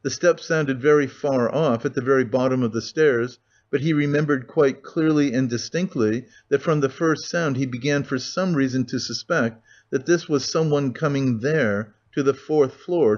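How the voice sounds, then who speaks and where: A man narrating an audiobook in a steady, measured reading on a dull lo-fi recording. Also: mid-range voice. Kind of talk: scripted narration of a classic novel.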